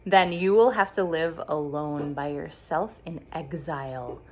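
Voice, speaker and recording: A woman's voice: sits low, unhurried, a little mellow, voice pushed down. A woman voicing an evil, commanding queen of the night in a puppet-show story. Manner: commanding, threatening.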